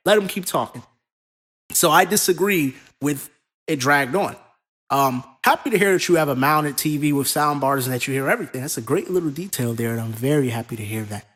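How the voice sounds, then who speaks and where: A man co-hosting a casual podcast, talking in an animated, profane, rambling way. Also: medium pitch. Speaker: co-host.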